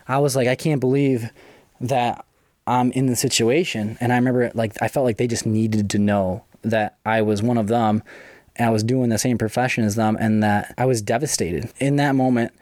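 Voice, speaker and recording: A young man casually telling his own story, profane and chatty, with quick asides. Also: mid-range voice, fairly even intonation, darkish tone, dry recording, studio quality.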